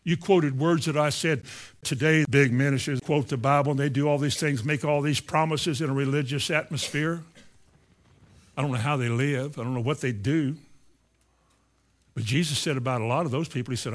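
A man preaching a sermon, moving between quiet asides and loud, emphatic lines. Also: medium pitch, fairly even intonation, normal speed.

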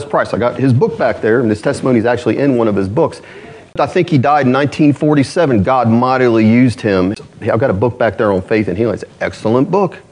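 Animated man preaching a sermon. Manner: animated preaching, rising high on emphasis, drops low to tell a story. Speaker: pastor.

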